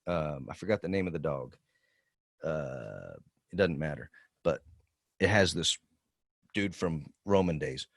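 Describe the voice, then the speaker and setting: A man's voice: very deep voice, a little slow, gravelly, long pauses, no echo, studio quality. A man in his forties, a podcast co-host, telling a long profane story in casual chat. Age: 40s. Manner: profane, rambling storytelling with animated quoted voices.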